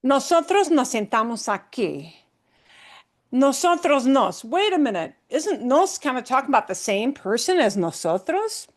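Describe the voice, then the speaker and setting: A woman's voice: high-pitched, big pitch swings, moderate pace. A woman Spanish teacher explaining grammar to her class patiently, step by step, with everyday examples.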